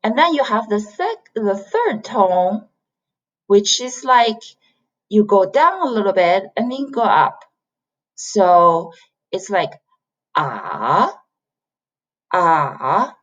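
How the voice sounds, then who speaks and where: A woman's voice: mid-range voice, lively intonation, muffled recording. A woman from China, a native Chinese speaker, teaching an online Chinese lesson and patiently repeating each sound for learners. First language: Mandarin Chinese. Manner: slow, patient, demonstrates sounds by repeating them.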